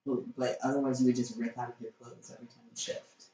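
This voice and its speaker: A man's voice: mid-range voice, little pitch movement, fast talker, warm tone, a little hiss or hum. A man acting as game master in a casual tabletop game, describing magic items and laughing easily. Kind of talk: running a tabletop game, playing a shopkeeper. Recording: echoey, dull lo-fi sound.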